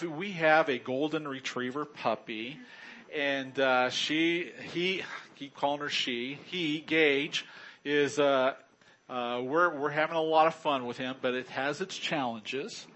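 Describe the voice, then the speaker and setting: A man's voice: a little high, pushed and bright. A middle-aged man preaching a sermon in a chatty, joking way, often chuckling. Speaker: pastor.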